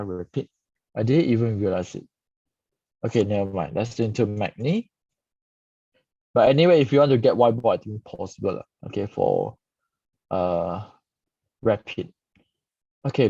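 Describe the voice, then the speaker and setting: A man's voice: on the low side, warm tone, slightly rough, dry recording. A man reviewing stock charts live, peppering his talk with "okay". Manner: frequent "okay" tags, casual explaining. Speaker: stock market analyst host. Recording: dull lo-fi dry sound.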